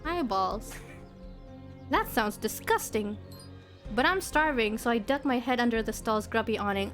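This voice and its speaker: A woman's voice: on the high side, animated, measured pace, long pauses, a bit bright. A woman streamer reading a visual novel aloud in a casual way, often breaking into giggles. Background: faint game music.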